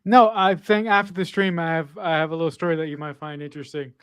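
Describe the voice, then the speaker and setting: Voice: medium pitch, steady tone, a bit bright, smooth, dry recording. Co-host, casual chat, brief agreeing replies, dry close recording. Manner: short agreeing replies, measured when taking a turn. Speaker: watch-along co-host.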